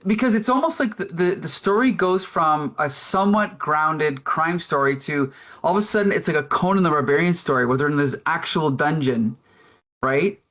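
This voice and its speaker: A man's voice: fairly high pitch, normal speed, a bit bright. A man co-hosting a comic book review podcast, arguing his opinions emphatically. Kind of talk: casual review chat.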